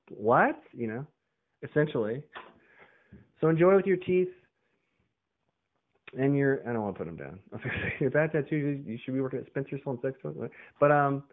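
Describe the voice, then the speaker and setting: A man's voice: medium pitch, sing-song, normal speed. Rambling man on a tinny line. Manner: rambling rant with fillers and swearing. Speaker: podcast host. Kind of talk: casual rambling monologue. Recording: tinny phone-like sound.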